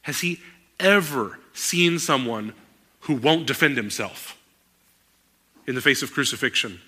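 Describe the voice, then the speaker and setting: A man preaching a sermon, animated and moving into emphatic outbursts. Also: mid-range voice, unhurried, slightly rough. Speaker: pastor.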